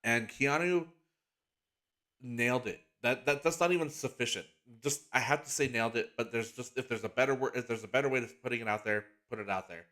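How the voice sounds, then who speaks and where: A man hosting a casual solo podcast, his voice sitting at an ordinary middle pitch. He talks in a rambling, enthusiastic way, full of "like" fillers and false starts. He turns earnest and a little soppy on a heartfelt subject. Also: fairly quick, sharp tone. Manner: rambling, enthusiastic, heavy use of "like" and restarts; gets emotional and earnest about a heartfelt topic. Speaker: podcast host.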